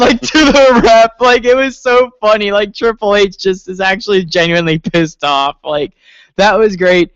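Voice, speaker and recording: A man co-hosting a casual wrestling review, excitable, swearing often and laughing as he talks. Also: high voice, moderate pace, clear, resonant tone, dry recording, muffled recording. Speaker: podcast co-host.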